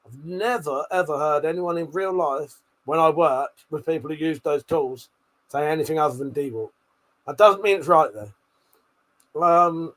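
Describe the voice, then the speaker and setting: Man, livestream host, casual chat, swears and laughs a lot, slightly high voice. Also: a bit bright. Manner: laughing, swearing, reading out viewer comments. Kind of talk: casual live-stream chat.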